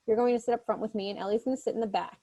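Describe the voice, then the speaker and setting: An insistent young man who lures and threatens in the same even breath, read aloud by a woman. His lines come out calm and coaxing, pitched a little high. He sounds like he is reading from a story in a lecture. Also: rapid-fire. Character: menacing smooth-talking male stalker, young adult.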